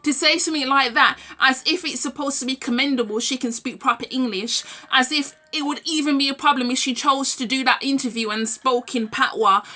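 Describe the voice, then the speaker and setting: Young woman ranting at the camera, high bright voice, fired up and swearing. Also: fairly quick, hardly any pauses. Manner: heated, emphatic, swears. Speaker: vlogger. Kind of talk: direct-to-camera rant.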